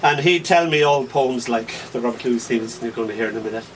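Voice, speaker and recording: An Irish man in his sixties with a Kildare accent, a guest poet telling playful stories on a radio show. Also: mid-range voice. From Ireland. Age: 60s. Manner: playful, storytelling, quick to laugh. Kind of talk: casual radio chat. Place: hospital radio studio. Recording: distant mic with faint hiss.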